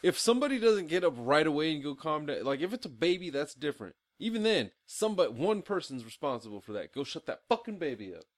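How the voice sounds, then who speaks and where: A man's voice: on the high side, sing-song, fast talker, hardly any pauses, no echo. A young man co-hosting a casual movie review podcast, talking crudely and profanely and laughing often. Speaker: podcast co-host.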